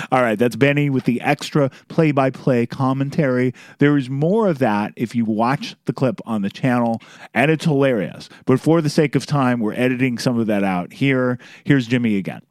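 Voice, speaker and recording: A man's voice: mid-range voice, moderate pace, a little mellow, no room sound. A man hosting a podcast, narrating from a script with wry, conversational asides. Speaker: podcast host.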